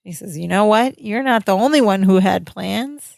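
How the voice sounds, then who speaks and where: A woman's voice: medium pitch, moderate pace, gravelly, a little mellow, no echo, clean studio sound. Woman co-hosting a chatty podcast. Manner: retells scenes, quoting dialogue. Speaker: podcast co-host. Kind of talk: casual chat recapping a sitcom episode.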